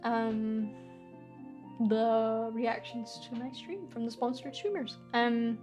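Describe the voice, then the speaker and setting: A woman's voice: fairly high pitch, fairly even intonation, takes it slowly, a little mellow, soft background music. A young woman streaming a casual chat, reading viewer comments aloud in a bubbly, giggly way.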